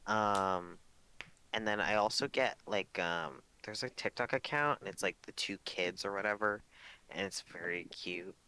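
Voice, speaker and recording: A young man with a low, clean voice speaks a little slowly as he co-hosts a podcast. His storytelling is animated and casual, with free-flowing swearing.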